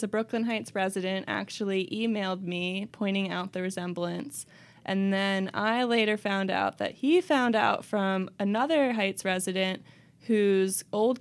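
Woman reporter explaining on radio. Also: medium pitch. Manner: plain, explaining step by step. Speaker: reporter guest. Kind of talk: radio interview. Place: radio studio.

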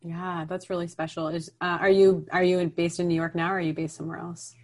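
A woman with a slightly low voice hosts a casual podcast interview. She is encouraging, quickly affirms what her guest says, and steers the talk with gentle questions. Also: little pitch movement. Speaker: podcast host.

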